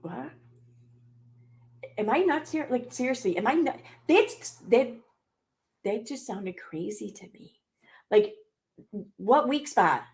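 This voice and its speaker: Exasperated woman host, kinda high voice, sarcastic rant w lots of cursing. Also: lively intonation, slow, long pauses, a little mellow. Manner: sarcastic, exasperated, heavy swearing. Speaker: commentary channel host. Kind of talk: reaction commentary rant.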